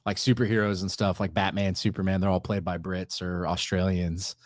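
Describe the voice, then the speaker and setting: A man's voice: deep voice, little pitch movement, fairly quick, dry recording, clean studio sound. A man in his forties hosting a podcast, talking in an easygoing, agreeable way with frequent restarts. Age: 40s. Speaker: podcast host. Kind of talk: casual podcast chat.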